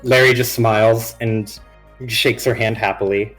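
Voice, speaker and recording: A man's voice: on the low side, steady tone, measured pace, a bit bright, soft background music. A man narrating a tabletop game as game master on a live stream, in a loose and rambling way with many restarts.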